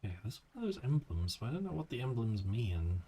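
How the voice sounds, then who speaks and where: A man's voice: medium pitch, sing-song, a little fast, dark tone, a little hiss or hum. A man streaming a fishing game, chatting casually, laid-back, swearing and laughing now and then. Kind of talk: casual gameplay commentary.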